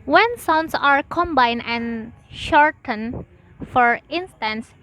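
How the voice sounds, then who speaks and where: Slow, careful high-voiced young woman. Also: expressive, a bit bright, muffled recording. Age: young adult. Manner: slow, careful, list-like delivery. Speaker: student presenter. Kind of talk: reading a class presentation.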